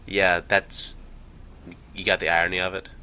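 Deep-voiced man in casual chat. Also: level tone, moderate pace, pushed and bright, clean tone. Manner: rambling, with frequent restarts and fillers. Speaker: podcast co-host.

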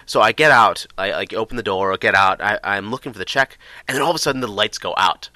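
A man casually telling a long personal story to the camera, rambling with lots of fillers and restarts, getting excited as he goes. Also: lowish voice, fast talker, hardly any pauses, no echo.

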